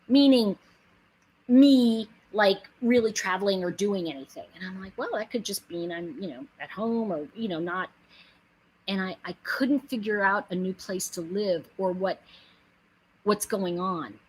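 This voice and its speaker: A middle-aged woman giving an animated inspirational talk to her viewers, telling stories, acting out quotes and building to emphatic pleas. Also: medium pitch, measured pace, slight background noise, rough recording. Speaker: spiritual speaker and host.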